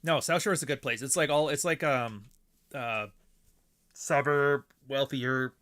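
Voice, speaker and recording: A man streams a block-building game and chats casually with friends, rambling, swearing a lot and laughing often. His medium-pitched voice is a bit bright and unhurried.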